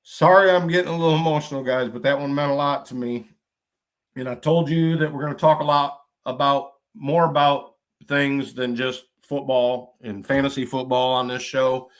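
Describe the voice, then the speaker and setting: A man's voice: medium pitch, fairly even intonation, normal speed. A middle-aged man from Michigan hosting a podcast, telling stories bluntly in folksy trucker slang with plenty of cursing. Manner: blunt storytelling with frequent cursing. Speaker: podcast host. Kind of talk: casual podcast monologue.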